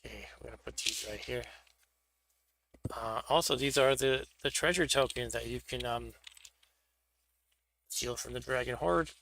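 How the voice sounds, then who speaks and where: A man's voice: medium pitch, normal speed, vocal fry, pauses often, fairly bright tone. A man hosting a board game stream, chatting casually and thinking aloud as he sets up pieces for a solo game. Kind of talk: casual solo play-through commentary.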